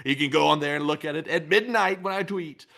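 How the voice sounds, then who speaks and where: Dude doing a rambly old politician impression, all sir sir, bright forceful voice, little high. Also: male voice, brisk, vocal fry. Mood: boastful. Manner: rambling, quotes flatterers saying "sir, sir". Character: fawning bragging older male politician. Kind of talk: satirical impression on a livestream.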